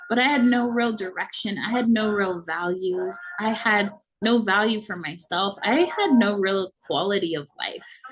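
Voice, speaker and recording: A woman's voice: medium pitch, poor audio. A woman in her thirties sharing a heartfelt personal faith testimony, earnest and emotional. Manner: earnest and emotional, with soft laughs. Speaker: faith vlogger.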